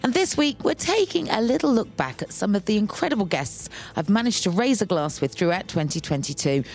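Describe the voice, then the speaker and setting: A woman's voice: medium pitch, expressive, a little fast, a little mellow, faint music behind. A woman hosting a podcast, reading an upbeat intro and then chatting with her guest, often jumping in with comments. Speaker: podcast host. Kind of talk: scripted intro and casual interview.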